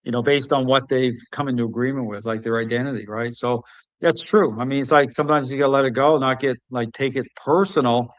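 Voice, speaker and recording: A man hosting a podcast, speaking casually and telling stories with animated emphasis. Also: mid-range voice, a little fast, dry recording. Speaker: podcast host and dog trainer. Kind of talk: casual conversation.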